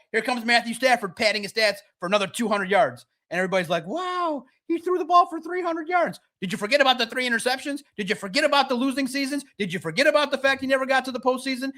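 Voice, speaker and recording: A man with a notably high voice hosts a sports podcast. He rants with heat and hammers each point, repeating words and mocking the other side. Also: pushed and bright. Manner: emphatic, repetitive, mocking. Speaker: podcast host. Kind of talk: heated sports podcast rant.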